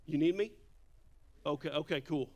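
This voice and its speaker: A man voicing an eager, loyal male cattle dog during a sermon anecdote, firing off quick questions. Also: on the high side, a little mellow, dull audio, natural voice.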